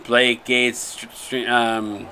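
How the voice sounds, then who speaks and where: A man calls plays and thanks viewers on a live game stream. His voice is bright and forward, and his speech rambles with frequent restarts. A faint hiss sits under the recording. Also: medium pitch, flat delivery, very slow. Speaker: play-by-play caster and stream host.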